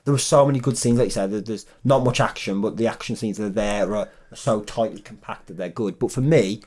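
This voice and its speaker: A man co-hosting a casual chat, relaxed, steering the talk with questions. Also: on the low side, brisk. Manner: relaxed, leads the questions, says "reckon" and "brilliant". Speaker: podcast co-host.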